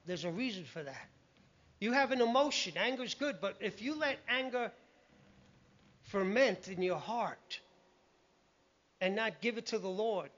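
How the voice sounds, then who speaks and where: A man's voice: high voice, expressive, a little slow, long pauses, a bit bright. A man preaching a sermon in a conversational, emphatic way, often quoting scripture. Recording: muffled lo-fi recording.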